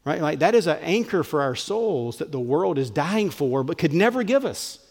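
A man's voice: a little high, sing-song, normal speed. Preaching man in a reverberant hall. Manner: earnest, emphatic preaching that drops to soft and tender. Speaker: pastor. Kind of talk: sermon. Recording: long reverb of a large hall.

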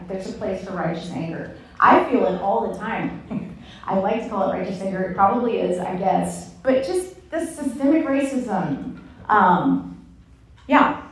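A woman in her forties giving a candid, self-mocking teaching talk at a women's Bible study, telling stories with animated energy. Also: medium pitch. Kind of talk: sermon-style teaching talk. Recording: echoey room from far off, faint ambience.

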